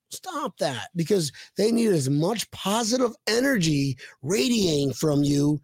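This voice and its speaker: A man's voice: a little high, big pitch swings, moderate pace, hardly any pauses, a little mellow, no echo, studio quality. A man co-hosting a casual sports podcast, telling rowdy jokes and swearing freely. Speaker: podcast co-host.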